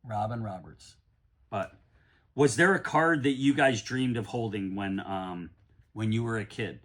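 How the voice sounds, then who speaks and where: A middle-aged man from the United States, rambling casually through a card-break vlog and often breaking into excited shouts. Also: lowish voice, measured pace. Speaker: card collector opening packs.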